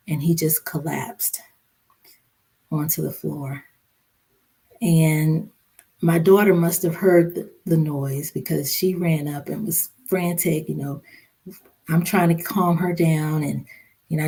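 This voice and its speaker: Female interview guest with a low, mellow voice, telling a grave personal story haltingly. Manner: halting, many "you know" fillers; somber, recounting a hard memory. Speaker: podcast guest, social worker and mother.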